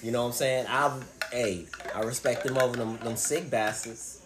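Cussing dude telling stories, acts out everybody's lines, average pitch, roomy echo. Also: male voice, moderate pace, noisy background. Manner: profane, animated storyteller who acts out quotes. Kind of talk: casual chat.

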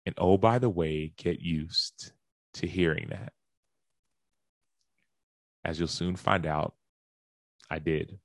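A man's voice: sits low, fairly even intonation, slow pace, vocal fry, pauses often, no echo. A man, a professional athlete, earnestly telling a personal story in a speech and acting out the lines and gasps of the people in it.

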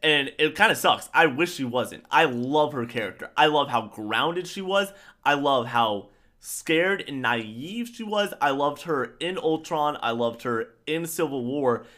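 A man co-hosting a podcast, chatting casually and excitedly about films, rambling and repeating himself. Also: fairly high pitch, measured pace. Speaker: podcast co-host. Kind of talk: casual pop-culture chat.

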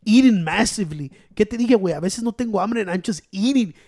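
Fast-talking man. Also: high voice, animated, no room sound, studio quality. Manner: mixes Spanish and English, swears, gets loud and worked up. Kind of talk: casual chat.

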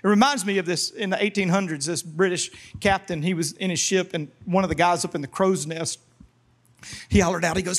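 High-voiced, animated man preaching a sermon. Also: fairly quick. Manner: animated, call-and-response with congregation, acts out prayers and voices. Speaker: pastor.

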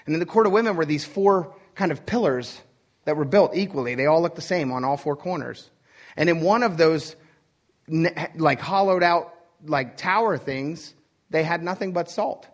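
A man's voice: on the high side, moderate pace. Man preaching, loose and conversational. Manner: conversational preaching with frequent "right?" asides and chuckles. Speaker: pastor. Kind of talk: sermon.

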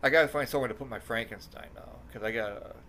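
A man's voice: mid-range voice, fast talker, slight background noise. A man hosting a podcast, telling a rambling, profane story in casual chat. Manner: rambling, profane, animated when telling stories. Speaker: podcast host.

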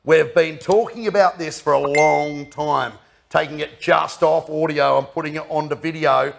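A man's voice: on the high side, fairly even intonation, moderate pace, gravelly, slight background noise. A middle-aged man hosting a casual, jokey show, rambling and laughing often. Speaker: podcast host. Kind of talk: casual banter.

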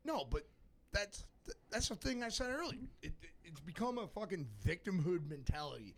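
A man co-hosting a casual podcast, loud and ranting, given to yelling. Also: high voice, very animated, moderate pace. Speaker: podcast co-host.

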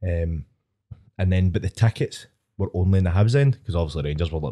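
A man's voice: deep voice, brisk, warm tone. A Scottish man in his twenties, hosting a podcast and telling a long, rambling, sweary story in casual chat. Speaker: podcast host.

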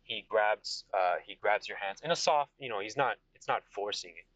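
A man's voice: fairly low pitch, animated, moderate pace, fairly bright tone, dry recording, poor audio. A young man narrating as game master from inside his car, rambling with fillers and restarts. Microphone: computer or tablet mic.

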